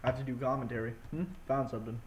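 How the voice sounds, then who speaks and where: A man's voice: mid-range voice, little pitch movement, rapid-fire, noisy background. A man casually commentating a game at home, chatting and eating with his mouth full, speaking right into a close microphone. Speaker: gaming channel host. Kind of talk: casual let's-play commentary. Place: home, indoors. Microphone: mic pressed right up against his mouth.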